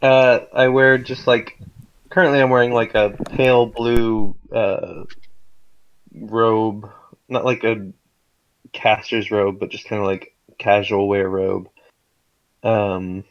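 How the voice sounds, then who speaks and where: A man's voice: fairly low pitch, flat delivery, slow, muffled recording. A man playing a tabletop game, talking hesitantly with many fillers. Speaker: player. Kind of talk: casual tabletop game chat.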